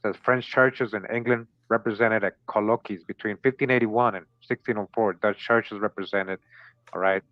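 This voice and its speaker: Man reading a book out loud on his show, repeats himself, asks the audience stuff, kinda muffled sound. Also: on the low side, steady tone, moderate pace, no room sound. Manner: repeats words, asks listeners "right?". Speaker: host. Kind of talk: reading aloud with commentary. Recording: dull lo-fi recording.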